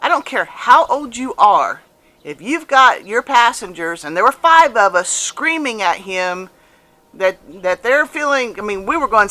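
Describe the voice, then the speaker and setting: A woman vlogger in her fifties tells a personal story to camera, casual and earnest, repeating phrases for emphasis. Her voice is a little high and sing-song, pushed and bright, at a measured pace.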